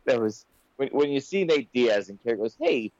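A man's voice: mid-range voice, fairly quick, no room sound. A man co-hosting a late-night fight podcast from home, talking casually and restarting his sentences often. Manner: rambling, restarts often, animated storytelling. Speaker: podcast co-host. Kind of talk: casual chat. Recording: dull lo-fi sound, dry.

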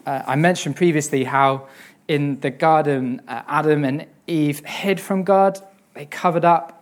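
A young man giving a sermon on a psalm, reading scripture earnestly and then talking it through with many pauses, fillers and repeated words. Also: a little high. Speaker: preacher.

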